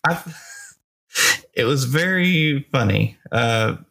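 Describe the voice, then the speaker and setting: A man's voice: mid-range voice, expressive, slow, vocal fry, a bit bright. A man co-hosting a movie review podcast, talking casually and hesitantly with many fillers. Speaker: podcast co-host.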